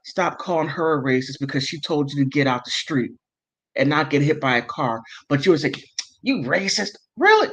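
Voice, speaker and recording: Reading chat comments on his livestream, a man with a slightly high, fairly bright voice talks fairly quickly in a steady tone. He grows heated and emotional, often stopping to apologize and self-correct. The recording sounds dull and lo-fi.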